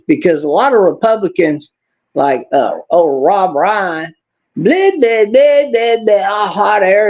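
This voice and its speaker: Blunt streamer, fairly high gravelly voice, reads chat and rants, dull lo-fi audio. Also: male voice, a little mellow. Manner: blunt, angry, swears, talks back to chat. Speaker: livestream host reading chat. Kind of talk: casual political livestream rant.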